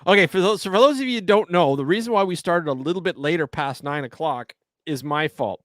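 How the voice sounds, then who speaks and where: Higher-voiced wry man in dry close sound. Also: a little fast, no echo. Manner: dry teasing, wry storytelling. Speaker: co-host of a live paintball show. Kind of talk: casual live-stream banter.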